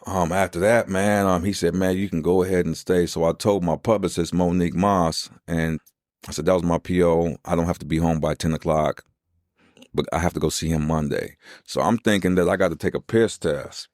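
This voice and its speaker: Deep-voiced streetwise man telling his story. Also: fairly quick, dry recording, clean studio sound. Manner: animated storyteller, acts out quoted voices, streetwise slang. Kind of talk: casual storytelling.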